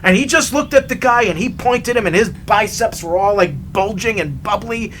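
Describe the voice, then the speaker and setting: A man telling a story in a chatty, animated way while hiking outdoors, recorded on a camera mic. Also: sits high, moderate pace, a little hiss or hum. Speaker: hiking vlogger. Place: outdoors on a trail.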